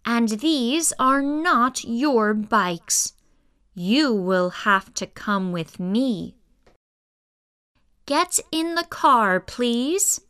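A woman's voice: fairly high pitch, expressive, extremely slow, a bit bright, clean tone, full character voice. A woman voicing a firm but polite female police officer in a storybook.

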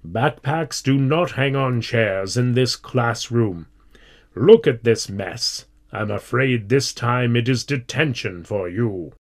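A strict schoolteacher speaks in a measured, slow and stern way, as a man reads him. His voice is low and even, a no-nonsense storybook teacher.

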